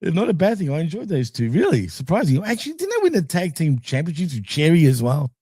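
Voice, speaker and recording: Male podcast co-host with a high voice and a dry close sound, loose, rambling wrestling chat. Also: huge pitch swings, fast talker, warm tone, husky, no echo. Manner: laughs often, loose and rambling. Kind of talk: casual wrestling recap chat.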